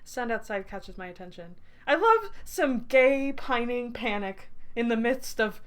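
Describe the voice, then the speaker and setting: A woman's voice: medium pitch, normal speed, a bit bright, clean tone. A young woman streamer reading a story game aloud, breaking off to swear and laugh at it. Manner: swears freely, bursts into laughter. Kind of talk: reading a visual novel aloud with reactions.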